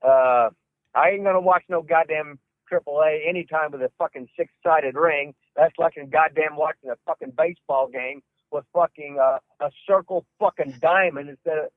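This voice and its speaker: A man's voice: a little high, normal speed, dry recording. An older man, a wrestling trainer, tells stories in a profane, ranting way, cursing constantly. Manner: ranting, heavy cursing, gruff Southern drawl. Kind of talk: profane storytelling interview. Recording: dry phone-line sound.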